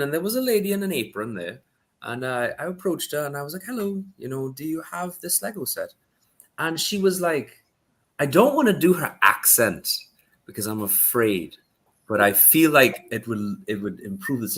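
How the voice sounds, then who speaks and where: Animated man telling a rambling story. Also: medium pitch. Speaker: podcast co-host. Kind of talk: casual chat.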